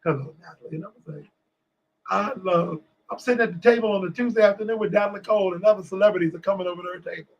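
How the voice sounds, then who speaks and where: A man from Washington, D.C., a guest on a talk show, telling lively stories and acting out what people said. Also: sits high, rapid-fire, lo-fi sound, a little hiss or hum. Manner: animated storyteller acting out quotes. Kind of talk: storytelling in a casual interview.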